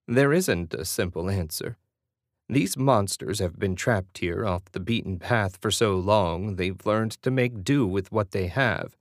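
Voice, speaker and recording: A male audiobook narrator with a lowish voice delivers scripted narration a little slowly, in a steady, even manner. The recording is close and very dry, with no room around it.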